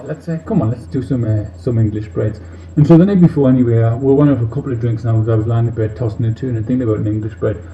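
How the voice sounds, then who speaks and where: Playing a tipsy male robot leader for a comic monologue, this man sounds earnest and wanders onto tangents, leaning on many fillers. His voice is mid-range, dark and natural, captured in a muffled, roomy recording with faint hiss.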